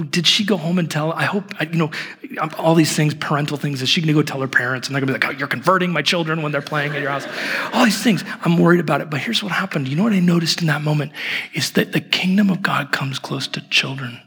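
Man, 30s, pastor, bright husky voice, animated storytelling sermon, long church reverb. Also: a little high. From Portland, Oregon. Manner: animated storytelling with self-deprecating humor. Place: church service.

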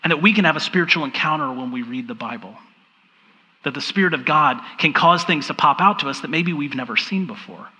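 A man preaches a sermon in a long-echoing church hall. His voice sits a bit higher than most and sounds bright and forceful. He speaks in a measured way and slows down to stress key points. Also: expressive, muffled recording. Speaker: pastor. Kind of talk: sermon with scripture reading.

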